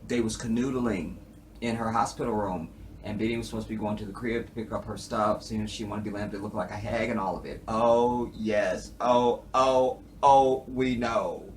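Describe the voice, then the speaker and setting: A man's voice: lowish voice, moderate pace, a little hiss or hum. Profane man reviewing a TV show. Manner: profane, animated, talks to viewers. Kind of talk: casual commentary.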